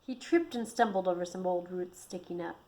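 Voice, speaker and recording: A woman reading her own fantasy novel aloud, expressive, dropping her voice low and soft on tense moments. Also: moderate pace. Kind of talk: audiobook narration.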